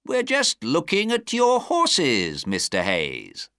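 A man voicing an eager male detective in a storybook reading, full of excited, probing questions. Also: on the high side, takes it slowly, dry recording, clean studio sound, pitched above the performer's own voice, heavily acted. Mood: teasing.

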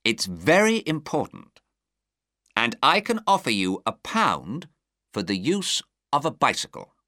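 A man voicing an eager male detective in a storybook reading, full of excited, probing questions. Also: mid-range voice, measured pace, no room sound, studio quality, exaggerated voice. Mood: urgent.

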